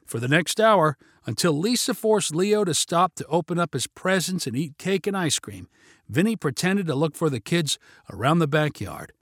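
An animated man reading a story aloud, his pitch lifting and dipping with each scene. His voice is a touch high for a man and recorded dry and close, with no room sound. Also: moderate pace, dry recording. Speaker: narrator. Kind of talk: storybook narration.

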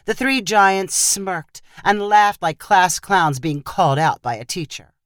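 A man's voice: sits high, unhurried, a bit bright, dry recording, studio quality. Man reading a short story aloud. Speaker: narrator. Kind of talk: storybook narration.

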